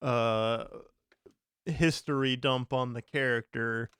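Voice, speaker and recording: A man co-hosting a movie podcast, rambling loosely and laughing often between thoughts. His voice is smooth and clear, recorded close and dry with no room sound. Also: medium pitch, steady tone, slow pace, a bit bright, no room sound. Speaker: podcast co-host. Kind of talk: casual movie recap chat.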